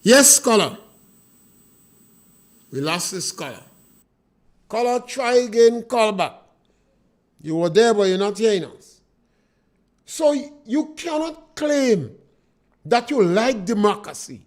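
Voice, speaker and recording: A man's voice: sits high, sing-song, slow, long pauses. A man with a Grenadian accent hosting a call-in political talk radio show in a studio, speaking emphatically and asking rhetorical questions.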